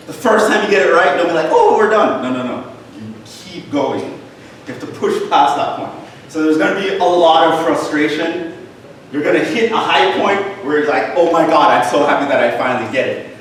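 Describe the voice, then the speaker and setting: A man teaching a college math class, talking to his students in a casual, encouraging way. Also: medium pitch. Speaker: math lecturer. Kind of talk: classroom lecture. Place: lecture hall. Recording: very echoey hall, voice from a distance, faint noise.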